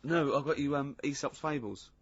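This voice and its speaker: Male radio host, mid-pitched, halting and teasing, dull lo-fi studio sound, dry. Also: slightly rough, no echo. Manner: halting, teasing, bursts into high laughter. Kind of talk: casual radio banter.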